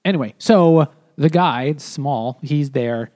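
Here a man co-hosting a podcast about books and beer goes over history in relaxed book-club banter, meandering, saying "like" often and restarting repeatedly. He speaks slowly in a warm tone, his voice a little high.

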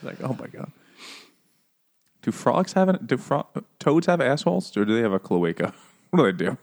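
A man's voice: mid-range voice, big pitch swings, moderate pace, a little mellow. A man co-hosting a podcast, joking crudely and playfully while recapping a book. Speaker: podcast co-host. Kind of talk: casual book discussion.

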